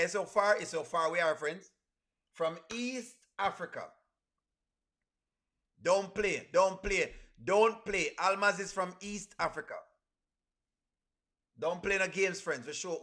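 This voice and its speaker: Casting: chatty male live-stream host, high, bright voice, reading viewer comments aloud. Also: a little slow, pauses often. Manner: reads viewer comments aloud, shouting out cities; chatty, addresses viewers as friends. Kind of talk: casual live stream chat.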